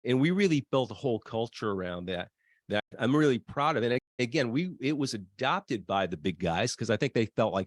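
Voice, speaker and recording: A male podcast guest tells stories about his work with pride and enthusiasm, often speeding up in quick bursts. His pitch is average. The recording is dry, with no room sound. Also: expressive, dry recording. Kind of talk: business podcast conversation.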